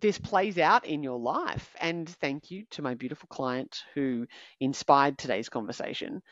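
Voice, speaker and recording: A woman's voice: rumbling low, measured pace, dry recording, highs cut off. A woman hosting a confidence podcast, giving emphatic motivational coaching through numbered steps and recapping them.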